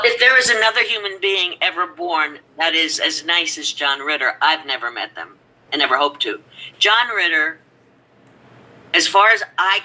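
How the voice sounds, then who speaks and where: Older woman, bright rambling storyteller. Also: sits low, rough recording. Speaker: actress guest. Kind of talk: casual reminiscing.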